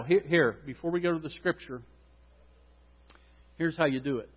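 A male pastor preaching a sermon, swinging between loud emphatic preaching and quiet joking asides. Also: a little high, moderate pace. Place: church sanctuary. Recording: dull sound with long hall reverb.

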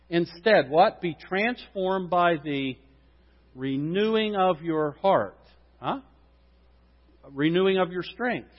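A male pastor preaching a sermon, swinging between loud emphatic preaching and quiet joking asides. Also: on the high side. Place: church sanctuary. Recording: dull sound with long hall reverb.

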